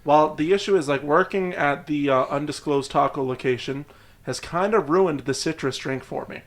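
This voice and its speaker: A man's voice: a little high, moderate pace. A young man in casual podcast chat who jokes around and mimics accents. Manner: joking, puts on silly accents.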